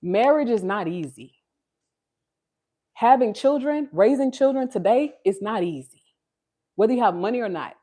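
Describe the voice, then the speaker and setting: A woman's voice: animated, normal speed, long pauses, mellow. A woman from Texas hosting a casual livestream from home on her phone. She talks straight to her viewers in an earnest, preachy way. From Texas, USA. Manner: high sing-song baby talk to her child. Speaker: livestream host.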